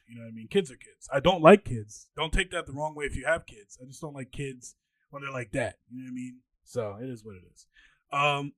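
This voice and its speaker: A man in his twenties hosting a podcast, telling stories in a casual, animated way and acting out what other people said. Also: no room sound. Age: 20s. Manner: animated, acts out quoted people with jumps in pitch. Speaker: podcast host. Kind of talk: casual storytelling monologue.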